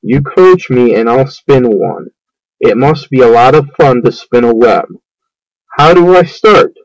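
A man voicing an earnest, eager young pig with a raised boyish pitch, reading a storybook aloud. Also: animated, measured pace, no echo, low-quality recording.

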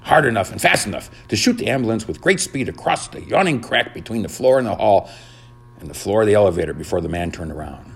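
Low, husky man reading a storybook. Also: fast talker. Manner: dramatic, expressive reading. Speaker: narrator. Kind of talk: storybook narration.

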